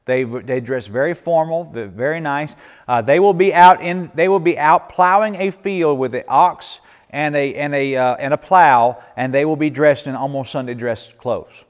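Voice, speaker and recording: A folksy man, speaking a little high, telling stories to a church crowd. He laughs often, restarts sentences, and his voice rings with a long reverb in the hall. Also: moderate pace. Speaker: missionary speaker. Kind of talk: church Q&A talk.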